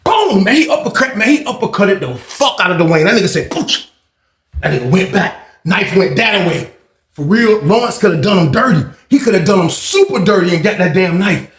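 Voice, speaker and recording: A man hosting a storytime channel, telling a prison story in a profane, excitable way and acting out the fights with sound effects. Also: sits high, fairly quick. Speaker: storytime host. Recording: roomy echo.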